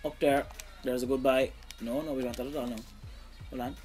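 A young Irish man commentating his own video game play, excitable and swearing freely, shouting at big moments. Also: mid-range voice, fairly quick, faint music behind. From Ireland. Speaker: gaming YouTuber.

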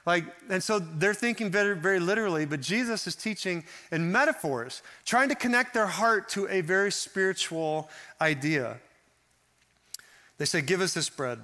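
A man preaching a sermon in a conversational, animated way, acting out the voices he quotes. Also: sits high, normal speed. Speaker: pastor.

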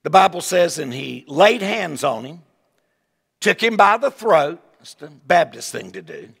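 A gravelly, slightly high voice belongs to an older preacher giving an unhurried revival sermon, the sound carrying a long reverb from a large sanctuary. He preaches in an animated, folksy way, making asides and circling back to repeat his own words.

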